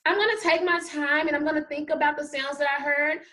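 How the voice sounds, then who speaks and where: A woman teaching a kindergarten phonics lesson, sounding out letters slowly and praising often. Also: sits high, fairly even intonation, sharp tone. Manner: slow, drawn-out sounding of letters with frequent praise. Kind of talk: phonics lesson for young children.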